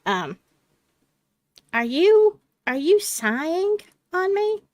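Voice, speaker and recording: A woman hosting a casual panel chat, slow and chatty, laughing easily. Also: very high voice, big pitch swings, no echo. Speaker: host.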